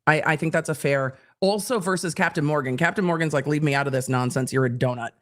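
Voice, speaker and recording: A woman's voice: sits low, fast talker. A woman hosting a live stream, reading out social media replies with laughing, incredulous reactions. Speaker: host.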